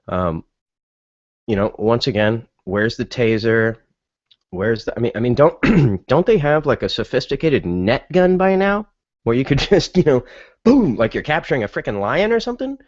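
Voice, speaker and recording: A man's voice: mid-range voice, no echo, dull audio. A man hosting a casual opinion monologue, exasperated and full of incredulous rhetorical questions and fillers. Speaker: podcast host.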